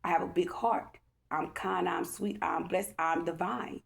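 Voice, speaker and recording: Woman, tarot reader, casual spiritual reading, low pitch, gravelly, rambling, emotional. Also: steady tone, measured pace. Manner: rambling, checks in with repeated "okay?"; earnest, emotional.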